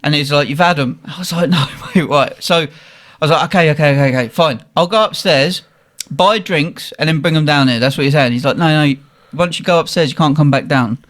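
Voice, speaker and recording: Animated young man. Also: on the high side, fairly quick. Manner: animated, swearing, laughing at his own story. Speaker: guest telling a story. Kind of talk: casual storytelling.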